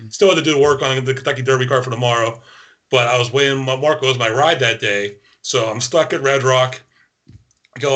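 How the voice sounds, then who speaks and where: A man co-hosting a horse racing show, telling a story in a brisk, matter-of-fact casual way. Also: medium pitch, a bit bright. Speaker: co-host, horse racing handicapper. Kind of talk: casual chat.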